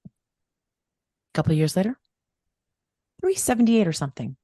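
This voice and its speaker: A woman's voice: on the low side, very animated, moderate pace, mellow, breathy edge, dry recording, studio quality. A middle-aged woman, a wealth mentor, telling a personal story as a podcast guest, emphatic and repetitive as she acts out the dialogue.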